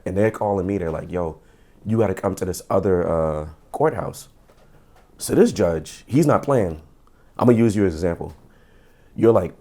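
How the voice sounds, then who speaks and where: A middle-aged man with a gravelly, fry-laden voice sitting low in his range. He tells his story as a podcast guest, animated and acting out what others said, often stammering and restarting his sentences. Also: moderate pace. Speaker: podcast guest, former police officer. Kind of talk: casual storytelling interview.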